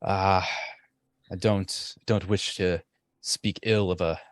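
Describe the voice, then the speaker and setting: A man's voice: low voice, steady tone, no echo. A man voicing a polite, hesitant male soldier who reports a problem to his superiors. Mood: reporting trouble. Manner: deferential, halting with many fillers.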